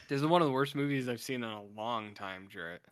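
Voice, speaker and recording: A man's voice: medium pitch, moderate pace, smooth. A man in casual podcast chat, rambling about a bad horror film and acting out its scenes, with lots of "like" along the way. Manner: rambling, heavy on "like", acts out scenes while recapping a film. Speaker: podcast co-host.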